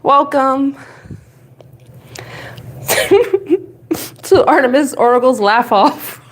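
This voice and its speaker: A woman's voice: high voice, animated, very slow. A woman tarot reader chatting casually on a live stream, giggling and breaking into fits of laughter.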